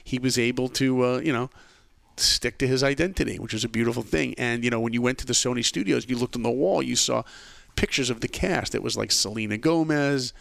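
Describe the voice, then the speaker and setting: A man being interviewed on a podcast, telling stories in a lively way and acting out the voices of people he quotes. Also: mid-range voice, fairly quick, creaky, dry recording. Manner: animated storyteller who acts out quoted voices. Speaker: podcast guest. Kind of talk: casual storytelling interview.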